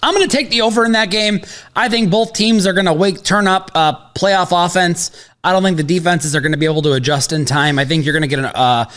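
A man hosting a sports betting podcast, talking in animated, casual banter with easy laughter and a habit of hedging his picks. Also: high voice, a little fast.

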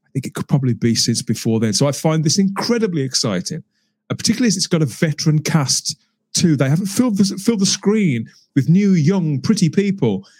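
A man's voice: a little high, very animated, fairly quick, darkish tone, husky, no echo. A man in a casual podcast discussion, talking with enthusiasm and frequent restarts. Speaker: podcast co-host.

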